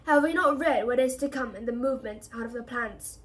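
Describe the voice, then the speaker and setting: A proud male centaur thunders and scolds in scorn, as a woman reader puts him on. The voice rides above her own, raised and loud. It is a storybook reading. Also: a little high, fast talker, far from the mic, natural voice. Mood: scornful.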